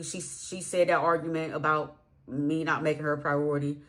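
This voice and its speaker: A woman's voice: low-pitched, level tone, normal speed. A woman telling a personal story casually, with emphatic repetition and slang. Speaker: vlogger.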